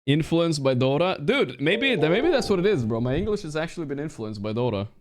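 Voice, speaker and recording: A man's voice: a little high, big pitch swings, fairly quick. A young man with a Swedish accent, casually commentating and chatting on his stream, swearing freely and joking at his own expense. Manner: swears a lot, casual slang, laughs at himself.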